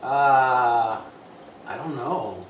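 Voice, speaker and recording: A man's voice: medium pitch, drawn-out words, lo-fi sound. Male co-host, laid-back, casual profanity; roomy distant mic with faint hiss. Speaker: podcast co-host. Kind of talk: casual chat.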